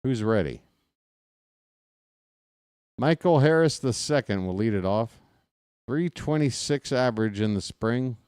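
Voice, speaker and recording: A man's voice: mid-range voice, animated, a little slow, long pauses, darkish tone, smooth, no echo, clean studio sound. A man calling a baseball game live for his channel, mixing play-by-play with rambling jokes and chat with viewers. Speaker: play-by-play streamer. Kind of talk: casual baseball commentary with chat.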